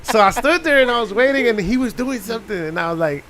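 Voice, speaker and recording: Bright-voiced Texan man telling stories. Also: very high-pitched, quick pace, a little hiss or hum. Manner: animated storyteller, mimics people, mixes in Spanish phrases. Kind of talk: casual storytelling chat. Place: radio studio.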